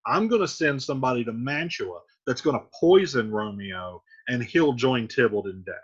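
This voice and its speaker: A man's voice: medium pitch, expressive, normal speed, husky. Man doing a scolding noble mother, impatient, dismissive, modern slang, dull recording.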